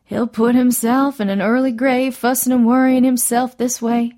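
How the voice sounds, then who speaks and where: A woman doing a gentle, weary country mother. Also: on the high side, level tone, normal speed, lightly acted. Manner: gentle, soothing.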